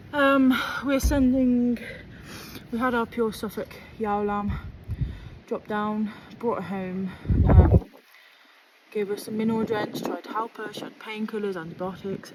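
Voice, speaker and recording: Outdoors on her farm, a woman who raises sheep chats casually for a farm vlog while doing chores, dropping lots of ums. Her voice is medium in pitch, and the background is noisy.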